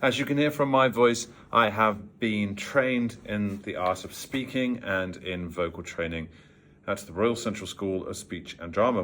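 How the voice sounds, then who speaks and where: A man in his thirties from Worcestershire, speaking with a trained neutral British accent and a tired edge with slight vocal fry, explaining voice technique in a measured, precise way. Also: lowish voice, fairly bright tone. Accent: trained neutral British English. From Worcestershire, England. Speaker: voice coach. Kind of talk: talking-head vocal lesson.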